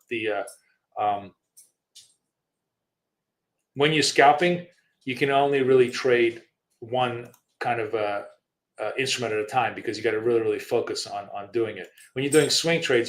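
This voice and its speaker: A man hosting a live trading session, thinking aloud casually with many fillers, restarts and the odd swear word. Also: mid-range voice. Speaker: trading show host. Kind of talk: live trading screen-share commentary.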